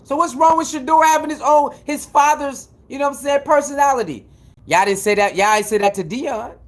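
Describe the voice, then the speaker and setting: High-pitched man ranting incredulously. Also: fairly quick. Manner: heated, incredulous, swings between shouting and muttering. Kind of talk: animated ranting commentary.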